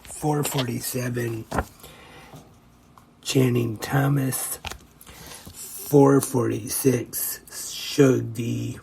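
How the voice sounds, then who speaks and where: A man's voice: medium pitch, steady tone, extremely slow, creaky, pauses often, mellow, a little hiss or hum, low-quality recording. A man hosting a podcast, reading out a ranked list with brief asides, and he is losing his voice a little. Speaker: podcast host.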